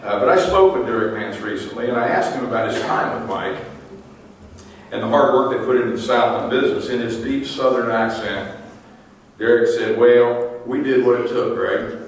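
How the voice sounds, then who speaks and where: A middle-aged man delivers a teasing banquet roast in a plain, mid-pitched voice, building anecdotes toward dry punchlines. He sounds distant from the microphone, and his words ring through a cavernous, echoing hall over a faint murmur of the room. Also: fairly quick, slight background noise. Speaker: roast speaker at an awards dinner. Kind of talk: roast speech to a banquet audience.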